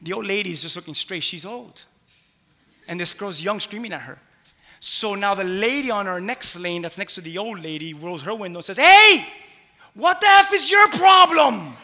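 High, bright-voiced male pastor preaching. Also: a little fast, long reverb tail. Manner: animated storytelling, builds to loud exclamations. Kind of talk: sermon with a personal story.

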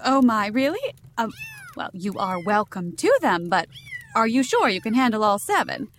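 A woman's voice: on the high side, sing-song, moderate pace, a bit bright, a little hiss or hum. A woman voicing a cautious, motherly witch in an audio drama, with a fretful way of talking.

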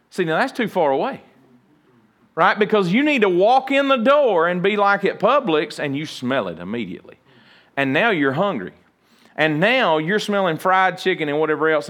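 A male pastor delivers a sermon in a loose, conversational way. He jokes with the congregation and acts out little everyday scenes as he goes. His voice sits a little high for a man. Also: a bit bright.

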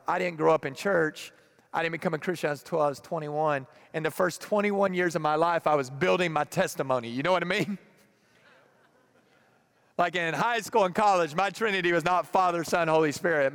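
A man preaching a sermon and reading scripture aloud, moving between hushed, grave passages and fervent, emphatic ones. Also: fairly high pitch. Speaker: pastor. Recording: long hall reverb.

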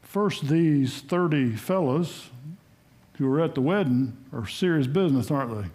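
Folksy high-voiced male preacher. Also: expressive, unhurried, a little mellow. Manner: folksy, conversational, acts out quotes. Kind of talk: sermon with scripture reading.

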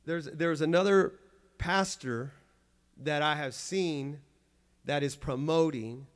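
A man's voice: on the high side, slow pace. A man preaching a sermon in church, earnest and emphatic, often restarting and repeating phrases.

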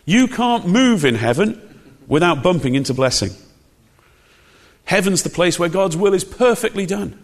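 A man's voice: high-pitched, sing-song, normal speed. A man preaching a sermon, emphatic and conversational, with frequent rhetorical questions. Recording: long hall reverb.

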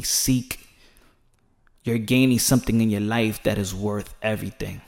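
A man giving passionate, preachy commentary in a vlog, swinging from hushed to loud and emphatic. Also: on the low side, steady tone, unhurried, creaky. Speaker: commentary vlogger.

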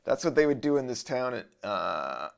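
A man's voice: medium pitch, big pitch swings, moderate pace, vocal fry, clear, resonant tone. A man from Southern Virginia hosting a podcast, rambling casually in a laid-back, profane monologue. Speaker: podcast host.

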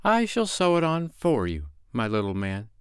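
A man's voice: a little high, wildly swooping pitch, normal speed, dry recording, clean studio sound, voice pushed up. A man voicing a prim, courteous young girl. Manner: polite, prim, motherly. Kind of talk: storybook character voice.

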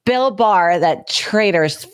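A woman's voice: mid-range voice, animated, slow pace, smooth. A woman co-hosting a casual podcast chat in a mid-range voice. She banters loosely and swears freely. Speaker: podcast co-host.

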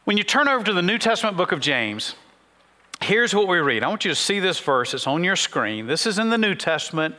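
A man's voice: high voice, big pitch swings, fairly quick, bright, forceful tone, big-room sound. A man preaching a sermon as a pastor, earnest and full of rhetorical questions. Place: church sanctuary.

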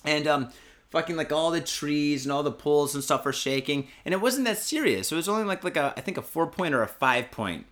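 A podcast host telling a casual story, excitable and profane, with lots of filler words. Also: male voice, a little high, a little fast. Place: podcast studio.

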